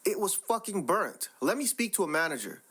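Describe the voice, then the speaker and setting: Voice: medium pitch, sing-song, brisk, a bit bright, husky. A reader voicing a rude, foul-mouthed, demanding woman customer in a narrated story. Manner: curt, profane, demanding.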